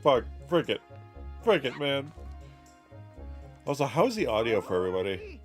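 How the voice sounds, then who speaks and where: A man streaming a video game, casual and excitable, swearing when things go wrong. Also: medium pitch, normal speed, faint music behind. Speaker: gameplay streamer. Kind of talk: casual gameplay commentary.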